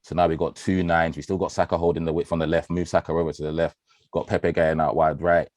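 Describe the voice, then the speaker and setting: Deep-voiced man in animated football chat. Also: fast talker, dry recording, clean studio sound. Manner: animated, slangy, swears freely, laughs often. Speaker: podcast co-host, football fan.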